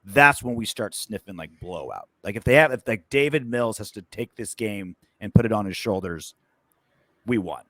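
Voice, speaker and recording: A man's voice: on the low side, expressive, moderate pace, a bit bright, no echo. A man co-hosting a casual sports podcast, loose and sarcastic, with lots of fillers and swearing. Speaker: podcast co-host.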